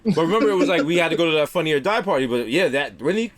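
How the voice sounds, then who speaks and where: A man's voice: a little high, racing, a crowd in the background. A man from the Bronx with a New York accent, co-hosting a comedy podcast and telling stories in casual banter, acting out what people said. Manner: animated storytelling, acting out quotes. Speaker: podcast co-host.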